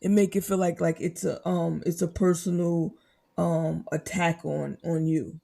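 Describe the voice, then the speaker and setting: A man hosting a podcast interview who asks questions gently and hesitantly, often repeating words as he goes. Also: a little high, level tone, a little slow, gravelly. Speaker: podcast host. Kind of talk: interview conversation.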